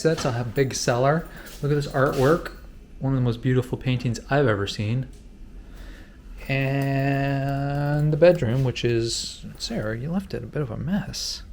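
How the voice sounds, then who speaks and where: A man walks through a small apartment narrating on the go, with a wry, deadpan humor. His voice sits at an ordinary middle pitch. He is recorded indoors on a handheld camera mic. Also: measured pace, slight background noise. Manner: sarcastic, deadpan joking. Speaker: travel vlogger. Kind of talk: casual walkthrough commentary.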